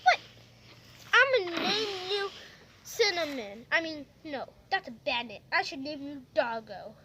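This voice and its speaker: A woman narrating a pretend-play video to her viewers, excitable and chatty. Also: high-pitched, unhurried, background noise. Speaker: vlogger narrating toy play.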